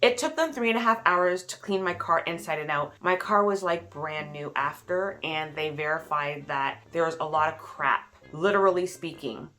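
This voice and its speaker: A woman in her thirties telling a story to her followers, animated and acting out the quotes with big jumps in pitch. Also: moderate pace, hardly any pauses, faint music behind. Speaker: vlogger. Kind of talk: casual storytelling.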